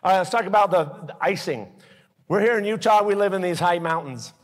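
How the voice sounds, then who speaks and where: Man speaking at a pilots' safety forum, earnest and emotional, slightly high voice, long hall reverb. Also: fairly quick. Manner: earnest, emotional, blunt warnings. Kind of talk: live safety talk to pilots. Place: forum at an airport hangar venue.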